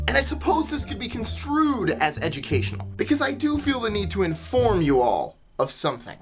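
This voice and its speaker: A woman's voice: fairly high pitch, very animated, a little fast, hardly any pauses. A woman vlogger delivering an exasperated, sarcastic comedic rant to camera. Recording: music clearly under the voice.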